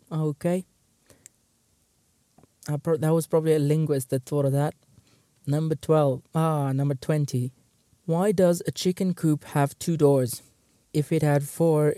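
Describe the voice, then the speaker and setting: A man's voice: fairly high pitch, mellow, no echo, studio quality. A man hosting his own show, reading out jokes one by one and trying hard not to laugh, muttering and stifling giggles between them. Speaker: host.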